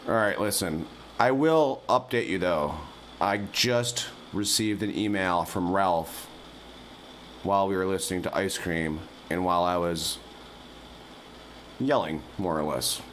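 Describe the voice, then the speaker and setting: A man hosting a comedy call-in show, delivering deadpan rants that flare into yelling. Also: low-pitched, unhurried, a little hiss or hum. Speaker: host.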